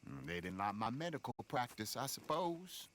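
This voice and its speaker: A man's voice: medium pitch, big pitch swings, normal speed, a bit bright, a little hiss or hum. An actor playing a meek, apologetic traveling medicine man in a video game, talking in formal, wordy, overly polite phrases.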